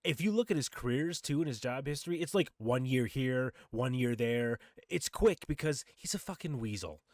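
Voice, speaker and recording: A man's voice: mid-range voice, expressive, normal speed, a little mellow, dry recording. A man on a casual podcast rants with lots of swearing. He acts out other people's words in suddenly raised voices. The sound is dry and close. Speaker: podcast co-host. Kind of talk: casual chat.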